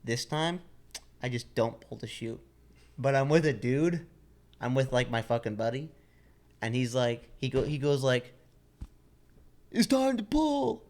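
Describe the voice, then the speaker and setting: A man's voice: mid-range voice, a little slow, long pauses. A young man co-hosting a comedy podcast, telling a story with lots of acted-out voices, sound effects and laughter. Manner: animated storytelling, acts out characters with loud sound effects and laughter. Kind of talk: casual comedic banter.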